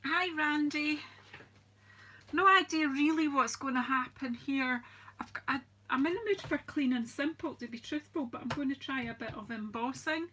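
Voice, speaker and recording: A woman's voice: sits high, moderate pace, sharp tone, slight background noise. A woman with a Scottish accent hosting a live crafting demonstration, chatting in a homely way, greeting viewers and laughing often. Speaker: craft demonstrator, channel host. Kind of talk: live-stream crafting demo, casual chat.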